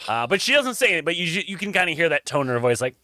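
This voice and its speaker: A man's voice: a little high, big pitch swings, quick pace, pushed and bright, no room sound. A man narrating as game master in a tabletop game, loose and casual, with many ums and uhs. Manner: loose, filler-heavy, laughs easily.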